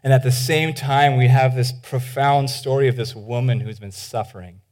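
A man preaching a sermon at a middle pitch, in a loose and conversational way. He restarts his sentences and fills them with "like". He tells the stories with energy and acts out the voices of the people in them. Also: normal speed. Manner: animated retelling, acting out the voices in the stories; informal, with many "like"s and restarts. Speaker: pastor.

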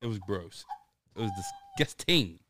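A man's voice: normal speed, a little hiss or hum. A man, telling a hunting story in a casual chat and acting out the people he quotes. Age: 30s. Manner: animated storyteller, acts out quotes with big pitch jumps, laughs often.

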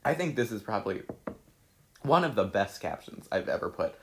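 A man's voice: fairly low pitch, normal speed, a little hiss or hum. A young man chatting casually as he reads out his old social media posts, laughing and swearing at them. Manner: laughing, swearing, excitable reactions. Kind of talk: casual chat.

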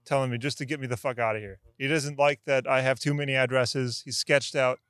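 A young man hosting a podcast, telling a story in an animated, profane way with bursts of excitement. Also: medium pitch, fairly quick, clear, resonant tone, no echo, studio quality. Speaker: podcast host. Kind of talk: casual storytelling.

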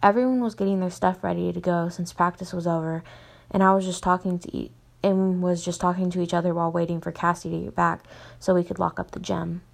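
A woman's voice: lowish voice, flat delivery, fairly quick, vocal fry. A young woman reading her own story aloud, plainly, stumbling and restarting often.

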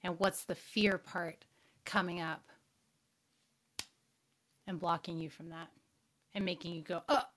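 A woman's voice: fairly low pitch, flat delivery, a little slow, pauses often, a bit bright, a little hiss or hum. A middle-aged woman hosting a spirituality show, telling a personal story in a candid, frank way, swearing casually and putting questions to her audience.

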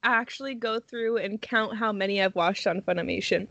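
A woman's voice: medium pitch, normal speed, fairly bright tone, no echo, highs cut off. A young woman in a casual podcast chat, amused and self-deprecating.

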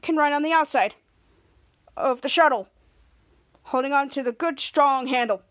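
A woman's voice: high-pitched, normal speed, close to an everyday voice. A woman voicing a cocky teenage boy sidekick who explains things in a matter-of-fact, teasing way.

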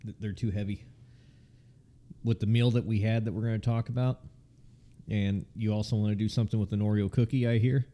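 A man's voice: on the low side, fairly even intonation, brisk, pauses often, dark tone. A man co-hosting a casual podcast, chatting and joking while he tastes beer, laughing often and swearing offhandedly. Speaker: podcast co-host.

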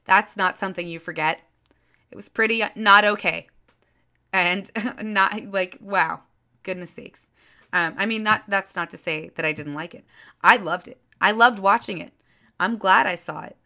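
Woman, casual movie review, gravelly fry, bright tone, rambling with restarts, emotional. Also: medium pitch. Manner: rambling, with many restarts and fillers, openly emotional.

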